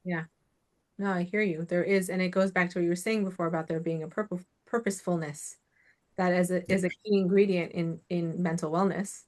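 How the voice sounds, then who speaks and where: A woman's voice: on the low side, fairly even intonation, fairly quick, a little mellow. A young adult woman hosting an interview, talking casually and filling her speech with "like" and "you know.". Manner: chatty, many "like" and "you know" fillers. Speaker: podcast host, suicide prevention educator.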